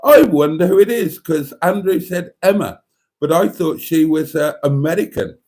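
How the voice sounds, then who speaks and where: A man's voice: a little high, animated, moderate pace, warm tone. A man hosting a casual livestream, reading out viewer comments in a chatty, jokey way. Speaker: livestream host.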